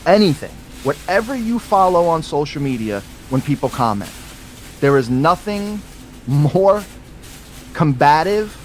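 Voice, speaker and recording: A man's voice: on the high side, a little hiss or hum, rough recording. A man from the United States co-hosting a podcast, ranting with strong opinions about sports coverage. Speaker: podcast co-host. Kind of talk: casual sports chat.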